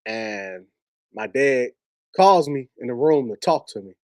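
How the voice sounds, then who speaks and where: A man's voice: mid-range voice, animated, a little mellow, dry recording. Candid man with a dry, close sound. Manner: candid, halting, laughs while telling stories. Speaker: host. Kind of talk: personal storytelling on a livestream.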